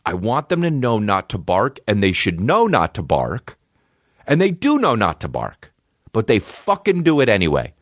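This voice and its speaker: Low, lively, swearing podcast host man. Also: normal speed, no echo, clean studio sound. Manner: rambling, swears a lot, big jumps in pitch. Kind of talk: casual chat. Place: home studio with barking dogs nearby.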